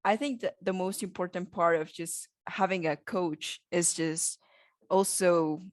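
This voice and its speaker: A woman's voice: on the low side, fairly even intonation, measured pace, dry recording, clean studio sound. A woman co-hosting a business podcast in a casual, hesitant way, often trailing into fillers. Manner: hesitant, many fillers and restarts. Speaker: podcast co-host.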